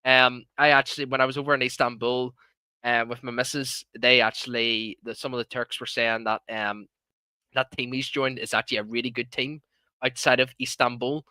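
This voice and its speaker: Bright-voiced heated Irish young man. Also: medium pitch, level tone, normal speed, clean tone, no echo. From Ireland. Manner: heated, frequent swearing, calls listeners "man". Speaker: livestream host. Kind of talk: casual live-stream commentary.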